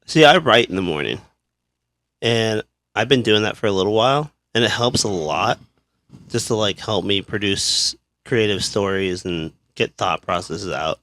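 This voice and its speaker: A man's voice: on the low side, moderate pace, dry recording. A man in his thirties from Kansas, co-hosting a podcast in casual chat, telling stories with lots of swearing and laughter. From Kansas, USA. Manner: animated storytelling, swears a lot, laughs often. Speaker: podcast co-host.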